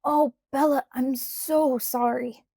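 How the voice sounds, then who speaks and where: A woman voicing an eager, remorseful teenage werewolf boy in an audiobook, rushing through pleading apologies. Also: high-pitched, steady tone, vocal fry, dark tone, husky, no echo, studio quality, voice pushed up, exaggerated voice.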